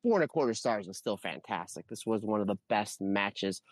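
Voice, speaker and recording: A man co-hosting a podcast, talking through wrestling matches in a rambling, animated way. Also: on the low side, fairly quick, no echo. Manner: rambling, animated, lists names. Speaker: podcast co-host. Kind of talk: casual wrestling review chat.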